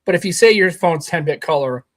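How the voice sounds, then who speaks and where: Rambling, emphatic man, higher voice. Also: lively intonation, fairly quick. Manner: rambling, emphatic, swears casually. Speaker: podcast co-host. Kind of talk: casual tech chat.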